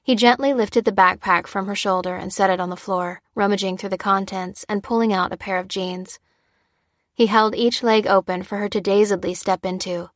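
A woman reading a story aloud in steady, even scripted narration. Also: medium pitch, moderate pace, dry recording, studio quality. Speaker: audiobook narrator.

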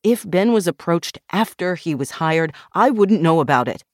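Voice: medium pitch, normal speed, no room sound, clean studio sound, lightly acted. A narrator voicing a young man who speaks firmly and emphatically in an audiobook. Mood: defensive. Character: young man, defensive and firm. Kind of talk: audiobook character voice.

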